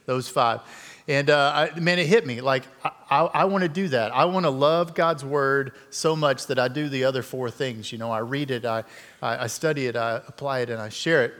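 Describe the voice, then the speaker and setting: A man's voice: medium pitch, normal speed, a bit bright, long reverb tail. A middle-aged man telling a personal story in a conversational, self-deprecating way as a guest speaker in a church sermon. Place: church sanctuary.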